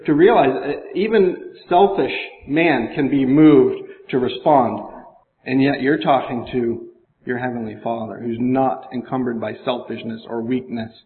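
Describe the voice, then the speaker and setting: A man preaching a sermon, talking in a conversational way, often asking his listeners questions and reading scripture in older English. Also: mid-range voice. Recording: echoey hall over a phone-like line.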